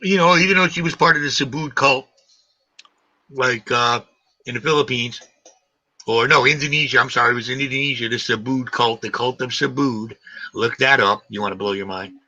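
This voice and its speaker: A man in his forties hosting a live stream, chatting in a rambling, animated way and swearing casually. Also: mid-range voice, moderate pace, no room sound. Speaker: livestream host. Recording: dull lo-fi stream audio.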